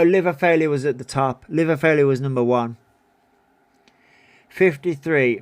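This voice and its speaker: A man hosting a livestream in casual commentary, reading down a numbered list and adding offhand remarks. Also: medium pitch. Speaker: livestream host.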